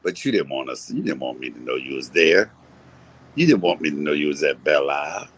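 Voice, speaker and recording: A man's voice: a bass voice, animated, a little fast, a bit bright, rough recording. A man, ranting to his viewers in a profane, confrontational and mocking way. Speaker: live-streaming commentator. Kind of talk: casual rant to viewers.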